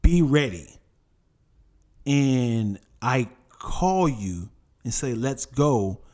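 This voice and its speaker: A man's voice: mid-range voice, very slow. A middle-aged man and father co-hosting a podcast, telling a story in casual chat and acting out the voices in it. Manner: animated storyteller who acts out quoted dialogue. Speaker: podcast co-host.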